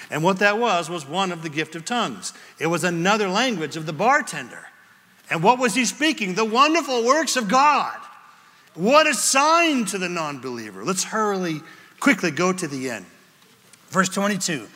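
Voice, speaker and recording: A man preaching a sermon, his high voice sounding bright and ringing as he tells a lively story and breaks into scripture verses. A long echo trails every phrase, as in a big hall. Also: normal speed. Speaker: pastor.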